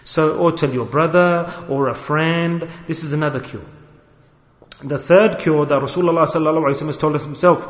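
A man preaching, his voice pitched high. He delivers his sermon with animation, slipping into the voices of the people he quotes. The sound rings with long echo, as if in a large hall. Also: fairly even intonation, fairly quick. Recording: echoey hall.

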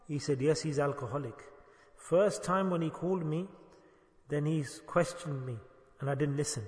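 Male preacher, high bright voice, storytelling sermon that swells to emphatic cries, long hall reverb. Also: normal speed. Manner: storytelling, rising to emphatic exclamations. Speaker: Islamic preacher.

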